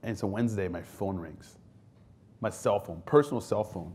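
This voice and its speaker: On stage as a guest author, a French-raised army veteran in his thirties tells casual stories in a fairly low, slightly rough voice at normal speed. His anecdotes are animated; he acts out the voices he quotes and laughs often.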